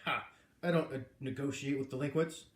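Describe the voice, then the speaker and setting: A man's voice: mid-range voice, fairly even intonation, fairly quick, lightly acted. A man reading aloud, voicing a blustering, bullying corporate executive who hisses and snaps his threats, in a roomy recording. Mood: enraged. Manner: hissing, snapping, bullying. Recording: roomy echo.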